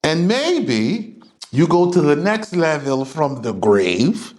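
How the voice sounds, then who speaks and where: A man preaches to a religious class, lecturing and confronting his listeners head-on. He speaks slowly and deliberately, and his voice sits a little high for a man. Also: very animated, darkish tone.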